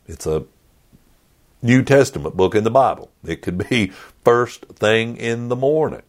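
A man preaching a sermon as a pastor, earnest and deliberate, repeating his phrases. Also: lowish voice, a little mellow. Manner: earnest, repetitive, deliberate pauses.

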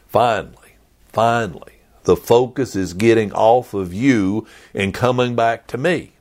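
A man preaching a sermon as a pastor, earnest and deliberate, repeating his phrases. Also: on the low side. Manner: earnest, repetitive, deliberate pauses.

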